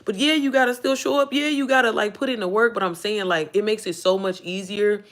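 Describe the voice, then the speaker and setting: A woman's voice: mid-range voice, brisk. A woman in her thirties hosting a casual livestream, talking animatedly with lots of swearing and reading out viewer comments. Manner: animated, profane, calls viewers "baby" and "y'all"; reads and answers viewer comments. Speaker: livestream host. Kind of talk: casual motivational livestream chat.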